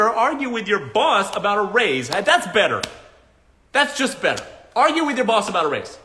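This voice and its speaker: Blunt, bright-voiced man riffing on dating. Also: high voice, very animated, normal speed. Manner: blunt, mocking, laughs at his own points. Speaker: dating advice streamer answering live chat. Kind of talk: casual live-stream Q&A monologue.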